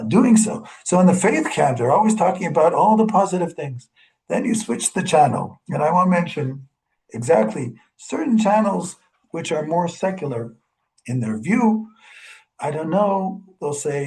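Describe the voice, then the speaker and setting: A man's voice: medium pitch, gravelly, darkish tone, rough recording. A man, a rabbi, giving a conversational holiday sermon with fillers and retold stories.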